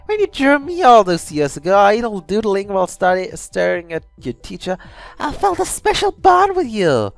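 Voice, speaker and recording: A shy drawn girl pours her heart out in a high, lilting voice that swoops up and down, as a man puts her on. Faint music plays under the storybook reading. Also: wildly swooping pitch, moderate pace, creaky, no echo, heavily acted. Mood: earnest. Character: shy lovelorn drawn young woman.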